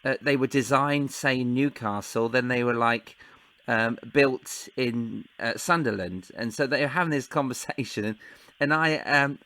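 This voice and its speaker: A man's voice: mid-range voice, normal speed, sharp tone. Man, host of a chat show, eager and giggly, ordinary mid voice. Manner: enthusiastic, laughs often. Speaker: podcast host. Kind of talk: casual chat.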